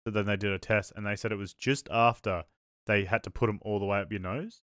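A man's voice: on the low side, fairly even intonation, fast talker, fairly bright tone, clean tone, no room sound, studio quality. A young man, a podcast co-host, joking crudely in casual banter.

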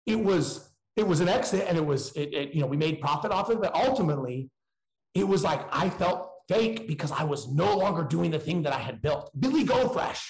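A man's voice: fairly high pitch, animated, a little fast, gravelly, reverberant, low-quality recording. A man speaking candidly in a casual, slangy way, with frequent restarts. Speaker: guest entrepreneur.

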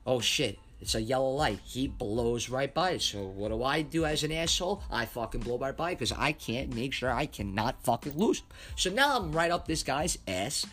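A man telling a personal story in a casual, heavily profane and animated way. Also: mid-range voice, moderate pace, few pauses. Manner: animated, heavy cursing.

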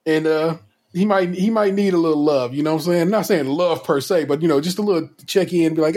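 A man hosting a podcast in casual chat, who speaks haltingly, repeats his words and gives folksy advice. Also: fairly high pitch, darkish tone. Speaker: podcast host.

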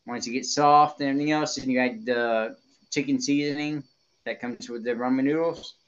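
A man's voice: mid-range voice, steady tone, normal speed, highs cut off. A man in casual podcast chat, enthusiastic, with many fillers and repeated catchphrases.

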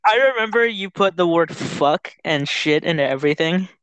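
A man's voice: fairly high pitch, animated, normal speed, a bit bright, clean tone, no room sound, low-quality recording. A young man chatting casually while gaming, laughing often and swearing as he tells stories and acts out other people's voices.

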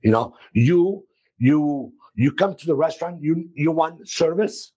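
Emphatic husky restaurant owner, man. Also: a little high, unhurried. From Italy. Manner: emphatic, repetitive, loud and expressive. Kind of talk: animated interview talk.

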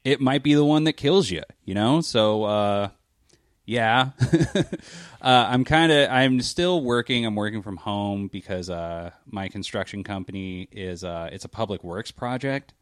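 A man's voice: on the low side, unhurried, clear, resonant tone, no echo, studio quality. Joking man chatting from home. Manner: joking, rambling, laughs often. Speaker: podcast co-host. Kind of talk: casual chat.

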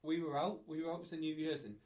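A man's voice: fairly high pitch, fairly even intonation, fast, darkish tone. A man telling crude, laughing anecdotes in a casual chat.

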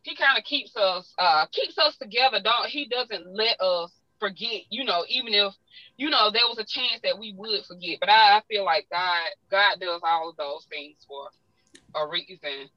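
A woman's voice: mid-range voice, moderate pace, no echo, dull audio. A talkative woman with a Southern US accent, a guest sharing personal stories in a heartfelt way. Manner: talkative, heartfelt, self-described talker. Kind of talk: emotional personal storytelling.

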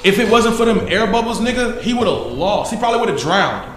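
A young man with a notably high voice, heard in an echoey room. He tells anime fight scenes slowly and incredulously, leaning on slang. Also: animated. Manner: incredulous, drawn-out storytelling. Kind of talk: casual anime chat with friends.

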